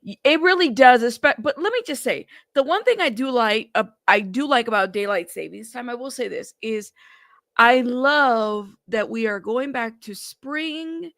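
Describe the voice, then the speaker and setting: A woman's voice: fairly high pitch, animated, a little slow, fairly bright tone, dry recording, studio quality. Chatty woman livestream host. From California. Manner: chatty, laughing, addresses the chat as y'all. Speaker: true crime news livestream host. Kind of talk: casual livestream chat.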